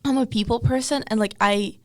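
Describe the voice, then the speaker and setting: A young woman co-hosting a casual chat, talking quickly with lots of fillers and restarts. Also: fairly high pitch, no room sound, clean studio sound. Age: young adult. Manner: quick, chatty, full of fillers. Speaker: podcast co-host.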